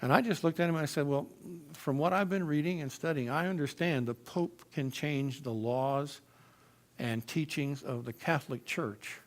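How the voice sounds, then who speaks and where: A man with a somewhat high voice telling his personal conversion testimony to a church congregation. He talks in an animated, storytelling way and grows emphatic on key points. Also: moderate pace.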